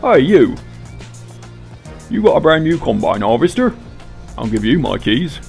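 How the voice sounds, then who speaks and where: A man's voice: mid-range voice, sing-song, unhurried, vocal fry, darkish tone, soft background music, voice pushed up. A man voicing a massive swaggering male demon with a West Country accent, talking in a boastful, taunting drawl. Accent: West Country English.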